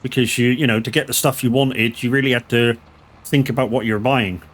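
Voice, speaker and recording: A man's voice: medium pitch, fairly even intonation, a little fast, a bit bright. A middle-aged man, chatting casually and telling rambling, profanity-laced stories while streaming a farming game. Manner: rambling, swears freely, anecdotal. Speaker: gaming streamer.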